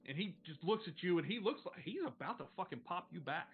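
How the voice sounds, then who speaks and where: A man's voice: high voice, expressive, fast, breathy edge, phone-quality sound. A man running a tabletop game as game master, narrating casually, rambling and swearing freely.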